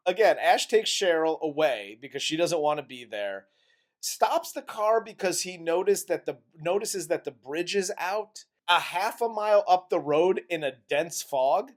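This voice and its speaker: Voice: mid-range voice, expressive, unhurried. A co-host of a comedy movie review podcast, retelling the plot in a crude, exasperated, laughing way.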